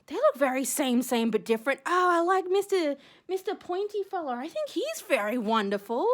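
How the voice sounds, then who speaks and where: A young woman with a high, very animated voice unboxes seashells she received as a gift on her vlog. Speaking at normal speed, she gushes giddily and gasps with delight.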